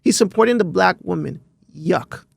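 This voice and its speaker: A man's voice: high-pitched, very animated, moderate pace, vocal fry, fairly bright tone, dry recording. A man co-hosting a podcast in casual chat, laid-back and slangy, laughing often. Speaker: podcast co-host.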